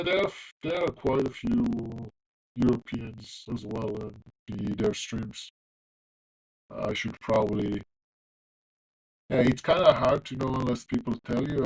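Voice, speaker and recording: A man with a non-native English accent that leans American talks through his coding on a livestream. His pitch sits in the middle range. He rambles comfortably, full of fillers and false starts, like casual chat with his viewers. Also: gravelly, low-quality recording. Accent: non-native English accent, closer to American. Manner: loose and chatty, many ums and restarts.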